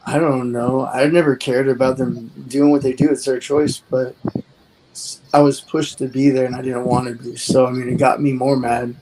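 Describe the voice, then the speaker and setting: A man's voice: medium pitch, little pitch movement, moderate pace, noisy background. A man in his forties, a guest on the show, talking in a rambling, earnest way that often trails off. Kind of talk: casual chat.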